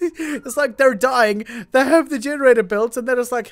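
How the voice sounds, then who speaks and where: A man commentating his first try at a game, panicking, laughing and yelling at his characters, then calming down to talk to viewers. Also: extremely high pitch, a little slow, no room sound. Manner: calmer, chatty sign-off to viewers. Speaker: gaming YouTuber. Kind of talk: let's play commentary.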